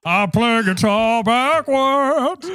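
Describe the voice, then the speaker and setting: A man imitating a dreamy rock guitarist with a slow, high drawl. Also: animated, pushed and bright, smooth, no echo, heavily acted. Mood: spacey. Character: dreamy male rock guitarist, spacey, mellow.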